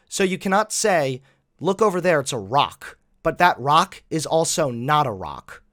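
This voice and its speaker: A man's voice: a little high, fairly bright tone, dry recording, studio quality. A man giving sarcastic, exasperated commentary while reacting to clips.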